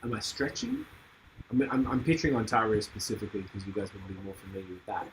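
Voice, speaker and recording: Rambling, low-voiced male podcast host. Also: animated, quick pace, background noise. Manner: rambling and enthusiastic, thinks aloud. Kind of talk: casual podcast chat.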